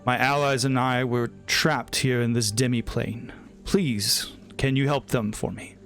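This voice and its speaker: A man's voice: medium pitch, fairly even intonation, unhurried, creaky, a bit bright, soft background music. A man voicing a humble male servant djinni pleading with his master.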